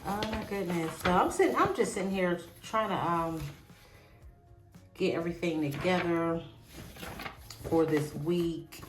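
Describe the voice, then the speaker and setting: A low-pitched woman, chatting in a casual, tickled way. Her voice rings in an echoey room while soft music plays underneath. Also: a little slow, long pauses. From Pittsburgh, USA. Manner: chatty, tickled, easily excited. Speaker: vlogger. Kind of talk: casual nostalgic show-and-tell.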